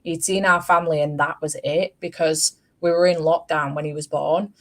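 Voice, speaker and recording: A woman's voice: low-pitched, fairly even intonation, normal speed. A woman, telling stories in a casual chat and swearing freely. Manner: chatty storyteller, swears casually. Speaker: host.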